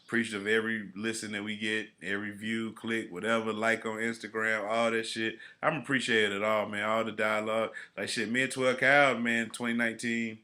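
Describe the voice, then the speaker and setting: A man's voice: fairly low pitch, little pitch movement, brisk, few pauses, bright, forceful tone. A man co-hosting a casual podcast, talking in a laid-back, rambling way with lots of fillers. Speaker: podcast co-host.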